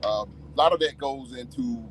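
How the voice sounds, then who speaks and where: A man's voice: medium pitch, sing-song, vocal fry, rough recording. Man, owner-operator trucker, casual chat, stop-start phrasing, faint background hiss. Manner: halting, many restarts.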